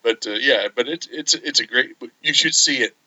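A man co-hosting a casual podcast, talking in halting, stop-start phrases and speaking about things he loves with enthusiasm. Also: mid-range voice, sharp tone, highs cut off. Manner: halting, many fillers and restarts, enthusiastic. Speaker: podcast co-host. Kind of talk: casual chat.

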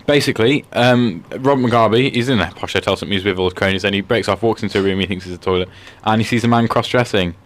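A man co-hosting a comedy podcast, joking playfully with quick asides. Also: lowish voice. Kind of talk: improvised comedy chat.

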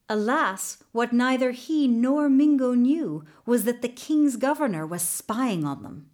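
Slow, expressive woman reading a fairy tale. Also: a little high. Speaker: storyteller. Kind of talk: storybook narration.

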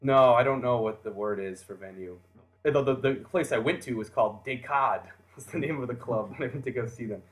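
A man's voice: medium pitch, fairly quick. An American man recounts a travel story for friends on a podcast. His voice sits in a middle register and rises sharply when he acts out what people said, with laughter slipping in as he goes. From United States. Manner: animated, laughs while telling, acts out voices in quotes. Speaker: podcast host telling a story. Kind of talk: casual storytelling chat.

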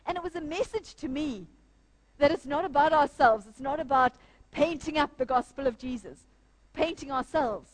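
Woman preacher, emphatic, slightly high voice, speaking in church. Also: moderate pace. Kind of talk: sermon.

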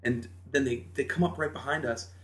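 A man's voice: mid-range voice, a little fast, slight background noise. A man from New Hampshire, a podcast guest, telling a story in casual chat and acting out quotes. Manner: animated storyteller, acts out quotes.

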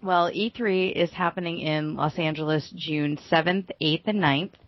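A woman co-hosting a gaming podcast in a casual chat, bubbly and quick to giggle. Her voice sits low for a woman and comes through a dry, close home microphone with a slightly muffled, lo-fi tone. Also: fairly even intonation, no echo. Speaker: podcast co-host.

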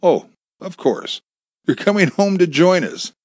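A man's voice: high-pitched, very animated, measured pace, darkish tone, dry recording, studio quality, voice pushed up. A man voicing a menacing, sarcastic male kidnapper who taunts his victim over the phone, in a storybook reading. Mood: taunting. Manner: taunting, mocking, cruel.

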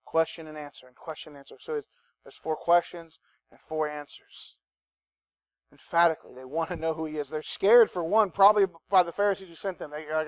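A man preaching a sermon in an animated, conversational way, with asides to the congregation. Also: a little high, a little fast, no echo. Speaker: pastor.

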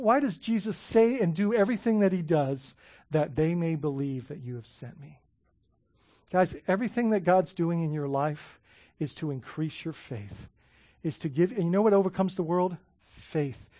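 A man preaching a sermon as a pastor, animated, often restarting words and laughing as he talks. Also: high voice, dry recording, clean studio sound.

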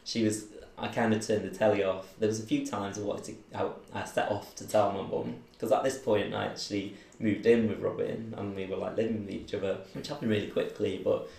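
A man's voice: fairly low pitch, little pitch movement, fairly quick, gravelly, a little mellow, echoey room. A man telling a personal story in a casual interview, chatty and laughing often, acting out the people in his story.

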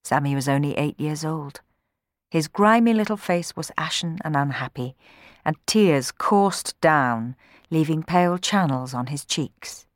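Woman with a lively storybook narration. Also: sits low, a little slow, no echo, studio quality. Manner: expressive, dramatic reading.

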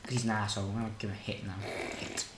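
Brash lad gaming in a roomy room. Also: male voice, lowish voice, level tone, racing. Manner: joking, crude, playing up a brash persona. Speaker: gamer. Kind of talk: casual gaming chat. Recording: roomy home mic with faint noise.

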